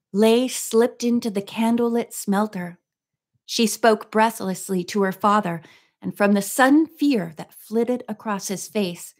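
A woman reads a mystery novel aloud at a steady, even pace. She narrates plainly in a mid-range voice and stays in the telling. Now and then she steps out of the book with a soft, chatty comment. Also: mid-range voice. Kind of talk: reading a book aloud with casual asides.

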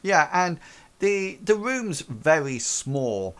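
A man's voice: a little high, big pitch swings, slow pace, fairly bright tone, clear, resonant tone. A man narrating as game master of a tabletop game, rambling with many fillers.

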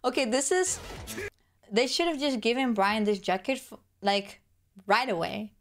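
A young woman with a hoarse voice, gushing through an excited video reaction. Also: on the high side, unhurried. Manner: gushing, exclamatory, fangirling. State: hoarse from illness. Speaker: gaming video creator.

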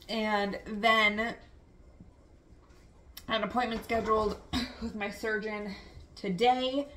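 A woman's voice: mid-range voice, pushed and bright, slight background noise. A young woman telling a story in a casual vlog, chatty, full of fillers and laughing often. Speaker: vlogger.

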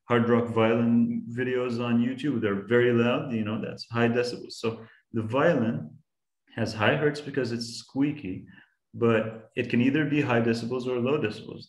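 A man's voice: medium pitch, fairly even intonation, normal speed, echoey room. A man giving an online science class to young students, patient and encouraging, asking them questions as he explains. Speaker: science guest speaker teaching kids.

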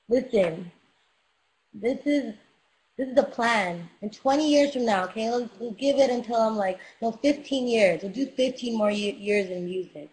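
A woman's voice: on the high side, moderate pace, darkish tone, poor audio. A young woman rapper chatting casually with fans on a livestream, hyped and profane, giving motivational talk into a webcam mic.

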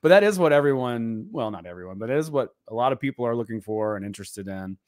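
A man co-hosting a podcast in casual, rambling conversation, full of fillers and throat clearing. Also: mid-range voice, animated, quick pace, a little mellow, no echo, studio quality. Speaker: podcast co-host.

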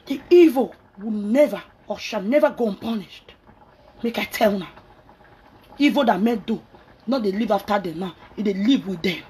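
A woman's voice: mid-range voice, moderate pace, mellow, husky, low-quality recording. A woman ranting angrily at her followers, scolding and mixing pidgin with local language. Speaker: social media commentator. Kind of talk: angry rant to followers.

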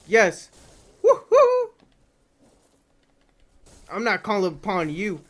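A young man streaming a video game, shouting and yelping excitably at enemies with lots of swearing. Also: high-pitched, slow pace, pauses often. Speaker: gaming streamer. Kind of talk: live game-stream commentary.

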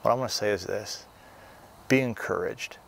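Male pastor, low voice, earnest and encouraging devotional sermon, faint background noise. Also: vocal fry, fairly bright tone. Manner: earnest, encouraging, with filler pauses. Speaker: associate pastor.

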